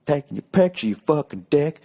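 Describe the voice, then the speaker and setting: A man voicing an indignant male heckler who shouts insults from the crowd. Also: fairly high pitch, expressive, brisk, voice pushed up.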